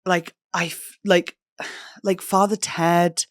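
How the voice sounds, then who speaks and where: A woman's voice: on the low side, little pitch movement, takes it slowly, dry recording, clean studio sound. A woman hosting a podcast, chatting casually in a jokey, self-mocking way and swearing freely. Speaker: podcast host. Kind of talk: casual chat.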